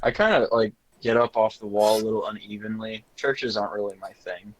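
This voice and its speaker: A man's voice: on the low side, a little fast, low-quality recording. A man playing a tabletop game in a laid-back, understated way. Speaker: player.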